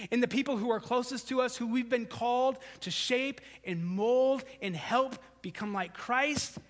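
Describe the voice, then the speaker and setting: A man with a fairly high voice preaches to his congregation, talking to them like friends. He pushes his voice up for emphasis, then drops it low and soft. His words ring out with a long reverb from a large sanctuary. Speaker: pastor. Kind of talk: sermon.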